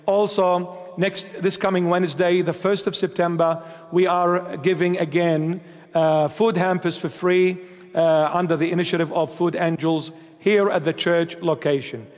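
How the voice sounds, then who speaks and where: A male bishop closes his sermon with solemn, measured blessings and prayers. His voice sits high for a man. The church around him adds a long, lingering reverb. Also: little pitch movement, a little mellow.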